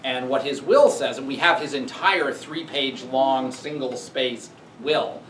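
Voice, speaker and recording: A man's voice: medium pitch, unhurried, fairly bright tone, a little hiss or hum. A man giving a conversational university lecture, thinking aloud and reading quoted lines with emphasis. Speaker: professor giving a public lecture. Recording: echoey hall recorded from far off.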